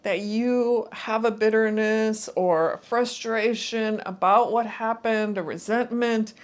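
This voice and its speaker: Slow, soothing woman coach. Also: mid-range voice. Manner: soft, soothing, unhurried delivery. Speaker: intuitive and transformational coach. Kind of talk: calm guided talk to camera.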